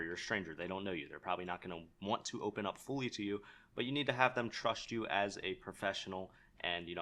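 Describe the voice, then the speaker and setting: A young man with a lowish, slightly bright voice teaches sales calls in a casual, conversational style. As a sales trainer, he role-plays sample lines aimed at sellers.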